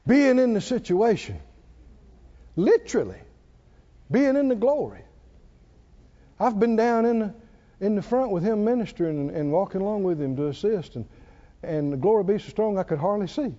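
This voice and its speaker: Older preacher, high lively voice. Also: male voice, muffled recording. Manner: animated storytelling, laughing often, calling for congregation responses. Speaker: pastor. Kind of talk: sermon.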